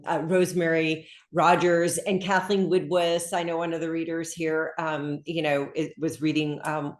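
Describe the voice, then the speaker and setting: A middle-aged woman author, chatting in an interview over a video call, animated and full of fillers. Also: on the low side. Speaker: author guest. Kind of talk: casual interview chat. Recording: echoey room.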